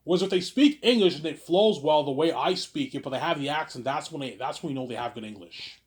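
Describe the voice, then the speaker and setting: Fast-talking and high-voiced, a livestream host from Quebec rambles casually through viewer questions. He repeats himself, stammers into restarts, and can't stop saying "obviously."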